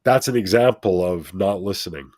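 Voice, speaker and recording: A man with a fairly low voice, recorded dry and close with no room sound. He speaks as a guest in an earnest, motivational way. He leans on repetition to drive his points home. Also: moderate pace, a little mellow, no room sound. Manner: emphatic, repeats phrases for effect.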